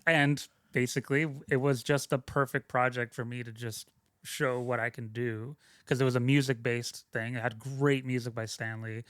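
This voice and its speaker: A young man rambles casually through career stories, stopping and restarting with plenty of fillers. His voice sits at a middle pitch. The recording is dry and close. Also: steady tone, moderate pace, fairly bright tone, no echo. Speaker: guest, film sound mixer. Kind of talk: casual interview storytelling.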